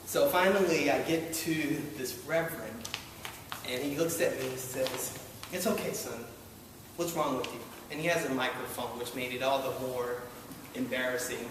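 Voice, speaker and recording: A man's voice: medium pitch, fairly even intonation, normal speed. Man telling a wry story in an echoey hall. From Baltimore. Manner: wry, self-deprecating, paced for audience laughs. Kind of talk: live personal storytelling. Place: live event hall with audience. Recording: echoey hall, distant mic, noisy. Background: audience laughter.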